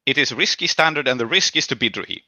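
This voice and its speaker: A man running a tabletop role-playing game narrates in a casual, laughing way. His voice is very bright and sits at a middle pitch. The sound is dry and close. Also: animated, quick pace, no room sound, low-quality recording. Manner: casual, laughing, many fillers. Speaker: game master.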